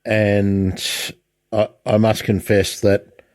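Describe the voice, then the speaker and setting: A man's voice: on the low side, flat delivery, drawn-out words, a little mellow. An older man hosting a podcast, asking questions in a friendly, conversational way. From Australia. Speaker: podcast host. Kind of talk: casual interview talk.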